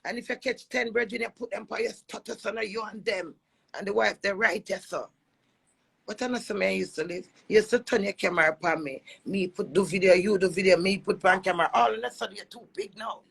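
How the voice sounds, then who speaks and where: A Jamaican woman with a deeply gravelly voice pours out a heated, repetitive monologue, sliding between patois and English. Her tone is husky and rough, full of fry, and she leans hard on her points. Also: brisk, a bit bright. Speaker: dancehall personality airing a marital dispute.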